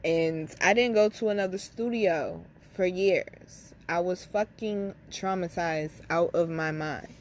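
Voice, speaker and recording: A woman's voice: on the low side, slow pace, hardly any pauses. A young woman hosting her own channel, telling a personal story to camera in a blunt, candid way, swearing freely and talking straight to her listeners. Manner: blunt, profane, speaks directly to listeners as y'all. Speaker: spiritual reader and channel host.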